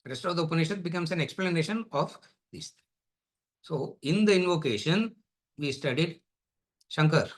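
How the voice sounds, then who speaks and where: A man giving a spiritual lecture, asking rhetorical questions, laughing often and drawing out chanted words. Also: fairly high pitch. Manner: drawn-out chanting of Sanskrit words. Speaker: Vedanta teacher.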